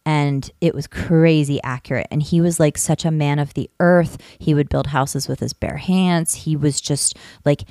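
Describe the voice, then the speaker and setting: Woman, low voice, dry close sound, rambling animated storytelling, casual swearing. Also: moderate pace, few pauses, no echo.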